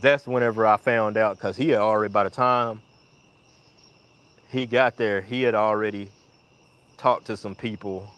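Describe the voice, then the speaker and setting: A man telling a rambling, profane story in casual chat, acting out the other people in a high voice and dropping to a mutter when he reflects. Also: fairly even intonation, normal speed, long pauses, a bit bright, clean tone. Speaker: storyteller on a live audio chat.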